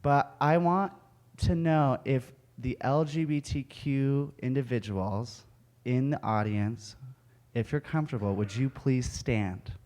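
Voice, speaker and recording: A man's voice: medium pitch, slow, a little mellow. A young man giving a speech to an audience, telling a candid personal story and laughing often as he goes. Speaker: speaker at an event. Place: auditorium with audience.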